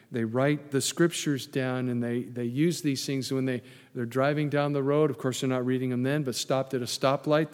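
A man's voice: medium pitch, darkish tone. Preaching man in a reverberant hall. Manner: conversational preaching with asides and humor. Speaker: pastor. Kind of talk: sermon. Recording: long reverb in a large hall.

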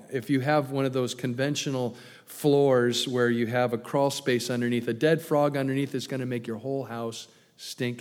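A man's voice: medium pitch, darkish tone. A man preaching a sermon as a pastor, emphatic, with many rhetorical questions. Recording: long hall reverb.

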